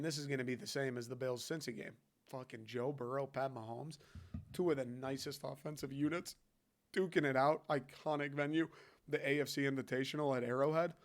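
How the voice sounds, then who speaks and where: A man hosting a casual sports podcast, talking in a loose, heated rant full of swearing. His voice sits at an everyday middle pitch. He keeps it conversational and chummy, as if talking to a buddy. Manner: profane, fired-up rant; loose and conversational, talks to the listener as "dude". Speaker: podcast host.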